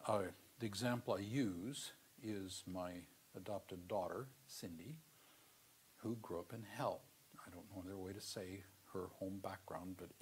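Middle-aged male seminary lecturer, slightly low voice, earnest storyteller with sudden loud emphasis. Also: a little hiss or hum. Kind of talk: classroom theology lecture with personal storytelling.

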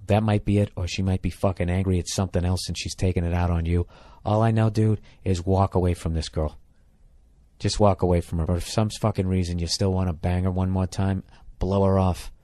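A man's voice: deep voice, mellow, dry recording. A man from the United States, a podcast host giving comedic advice in a blunt, profane, rambling rant.

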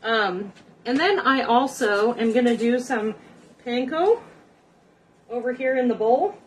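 A woman's voice: a little high, a little slow. A woman hosting a casual home cooking demonstration in her kitchen, chatty and rambling with joking asides to viewers. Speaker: cooking show host. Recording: distant mic with faint background noise.

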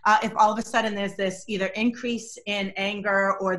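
A woman's voice: medium pitch, fairly even intonation, normal speed, few pauses, sharp tone. A middle-aged woman, a body language expert, talking energetically and emphatically as a podcast guest. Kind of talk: podcast interview.

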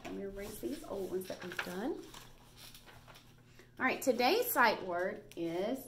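Slow, patient woman teaching first graders. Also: mid-range voice, lively intonation, fairly bright tone, slight background noise. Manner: patient, praising, spells out letters slowly. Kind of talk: recorded reading lesson for young children.

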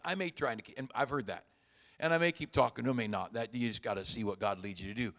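A man's voice: medium pitch, expressive, quick pace, gravelly, a bit bright. A man, a pastor, giving a folksy church sermon, acting out conversations and chuckling often.

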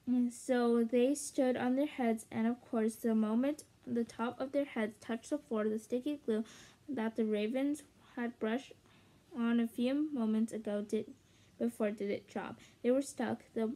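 A woman reading a children's book aloud as a channel's storyteller, with lively dramatic emphasis. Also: a little high, measured pace. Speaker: storybook reader.

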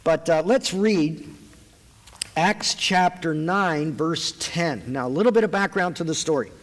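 A man's voice: a little high, a little slow. A man preaching a sermon to a live audience, conversational and joking as he retells a Bible story. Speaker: pastor. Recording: long hall reverb.

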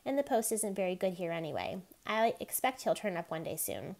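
A woman's voice: medium pitch, lively intonation, brisk, vocal fry, a little mellow. A woman reading a novel aloud, voicing a curious, friendly young boy in a slightly raised voice. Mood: eager.

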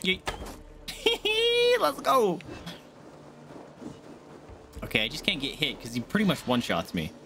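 A young man streaming a game live, swearing and panicking in excitable outbursts. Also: medium pitch, normal speed, gravelly, pauses often, slight background noise. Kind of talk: live gameplay commentary.

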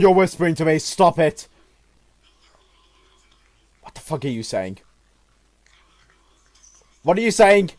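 A man's voice: medium pitch, lively intonation, measured pace, pauses often, no room sound. An eighteen-year-old man giving gameplay commentary, jumpy, swearing and shrieking at scares. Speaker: gamer.

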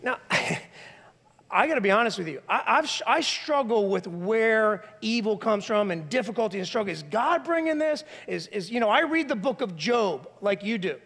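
A male pastor with a high voice delivers a lively, conversational sermon, slipping into the voices of the people he quotes. His words ring out with a long reverb from the church hall. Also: moderate pace, gravelly. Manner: animated, conversational preaching, acts out quoted voices. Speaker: lead pastor. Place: church sanctuary.

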